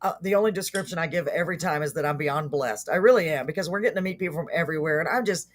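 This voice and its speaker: A woman hosting a live online talk show, bubbly and quick, laughing often as she chats with her guests. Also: low voice. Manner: bubbly, laughs a lot, fast-talking. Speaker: host.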